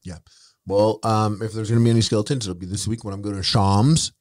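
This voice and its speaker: A man's voice: on the low side, steady tone, fairly quick, a little mellow, no room sound, clean studio sound. A young man co-hosting a podcast, chatting loosely, swearing and acting out what others said. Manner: rambling, swears, acts out quotes of others. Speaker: podcast co-host. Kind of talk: casual chat.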